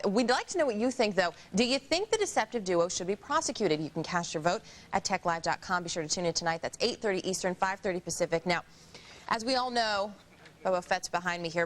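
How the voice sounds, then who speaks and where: Upbeat woman reading a TV preview. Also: medium pitch. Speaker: TV show presenter. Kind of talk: scripted TV preview read. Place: TV studio.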